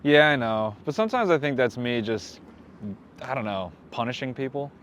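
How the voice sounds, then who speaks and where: A man's voice: medium pitch, expressive, normal speed, a bit bright, a little hiss or hum. A man who is a comedian, guesting on a podcast and riffing in a self-deprecating way. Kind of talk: casual comedic chat.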